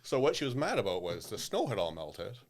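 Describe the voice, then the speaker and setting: A man co-hosting a podcast, telling a story in a loose, profane, animated way. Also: lowish voice, a little fast, crowd noise. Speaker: podcast co-host. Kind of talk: casual storytelling chat.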